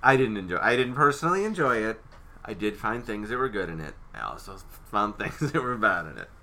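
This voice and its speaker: A man chatting casually about an old film, wry and playful, with laughter running through his talk. His voice is bright and lively, swinging up and down in pitch. A faint hiss sits behind him. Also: a little fast. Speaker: podcast co-host. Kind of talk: casual movie chat.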